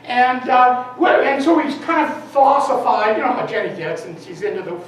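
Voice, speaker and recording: In a church meeting room, a woman serving as a lay minister gives an informal sermon, speaking conversationally and asking the audience questions. Her voice is a little high, with lively intonation and a fairly quick pace; the hall is very echoey, the mic distant, and there's slight hiss or hum.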